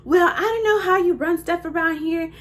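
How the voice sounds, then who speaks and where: A woman imitating a young female customer who is yelling and picking a fight. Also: very high voice, moderate pace, voice pushed up. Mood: indignant. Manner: yelling, confrontational.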